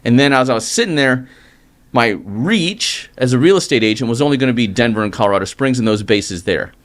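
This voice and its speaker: A middle-aged man, a mortgage loan originator, telling his story in a casual interview with energy and animated retellings. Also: medium pitch, brisk.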